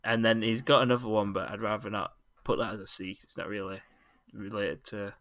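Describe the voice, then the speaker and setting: Giggly man, bright voice. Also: fairly low pitch, flat delivery, brisk. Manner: giggly, jokey, stumbles when reading. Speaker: podcast co-host reading listener comments. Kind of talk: casual podcast banter.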